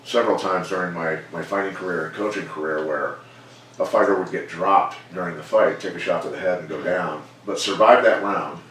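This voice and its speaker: Low-voiced middle-aged fight coach, measured plain talk, echoey room, faint hiss behind. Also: male voice. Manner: measured, plainspoken, animated when quoting others. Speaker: MMA coach and former fighter. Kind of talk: casual storytelling interview. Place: gym. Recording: echoey room, mic far off.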